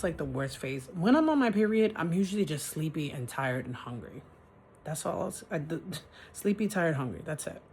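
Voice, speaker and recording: A woman's voice: sits low, slight background noise. Frustrated woman venting in a vlog. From New York City. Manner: frustrated, ranting, swearing. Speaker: vlogger. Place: apartment, indoors.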